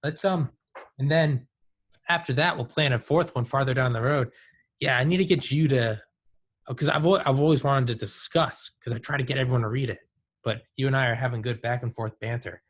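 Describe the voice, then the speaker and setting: A medium-pitched male voice, running a little fast, belongs to a podcast host in his thirties. In this casual conversation he tells stories with gusto, saying "like" and "dude" a lot.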